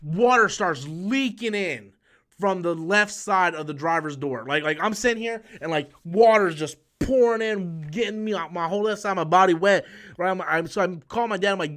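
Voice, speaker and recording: A man's voice: high voice, moderate pace, fairly bright tone. A young adult man hosting his own channel, telling a story in a rambling, profane rant with many restarts. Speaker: YouTube channel host.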